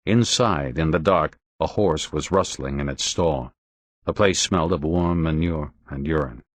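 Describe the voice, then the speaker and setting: A man narrating an audiobook in a steady, expressive reading. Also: rumbling low, a little slow, dry recording. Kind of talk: audiobook narration of a crime novel.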